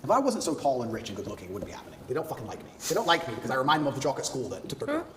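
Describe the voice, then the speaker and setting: A man's voice: medium pitch, sing-song, racing, over a noisy crowd. A man being interviewed, delivering a boastful, emphatic monologue in repeated short lists. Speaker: interview guest. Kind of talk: combative monologue. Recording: roomy echo, distant from the mic.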